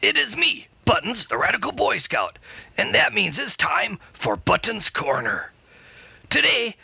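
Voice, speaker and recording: Brief: man puts on a high, gravelly, slow-talking dude scout, bright and husky. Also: dry recording, heavily acted. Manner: laid-back surfer slang, calls listener dude. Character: Buttons, a goofy surfer-dude boy scout. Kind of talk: comedy segment.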